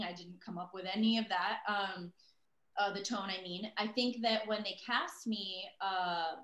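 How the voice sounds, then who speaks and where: A woman in her thirties talks through an interview over a video call, loose and chatty with plenty of ums and self-mocking asides. Her voice sits at a middling pitch. The room around her rings with a noticeable echo. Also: a bit bright. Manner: chatty, self-deprecating, many fillers. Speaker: voice actress guest. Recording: roomy echo.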